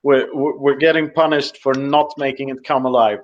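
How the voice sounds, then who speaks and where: A man in his forties with a Swedish accent, a podcast guest in casual chat, halting and full of fillers, quick to laugh. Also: medium pitch, steady tone. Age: 40s. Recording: muffled lo-fi audio.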